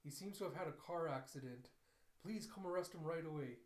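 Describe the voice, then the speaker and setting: A polite, soft-spoken young anime housewife, always ready to apologize, as a man puts her on. The voice sits a little above a man's normal pitch and carries a roomy echo. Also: a little fast, lightly acted. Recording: echoey room.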